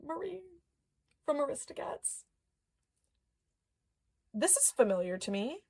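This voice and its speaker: A woman's voice: high voice, slow pace. Chatty woman unboxing toys. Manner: chatty, excitable, with gasps and soft murmurs. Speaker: doll collector YouTuber. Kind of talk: casual unboxing chat.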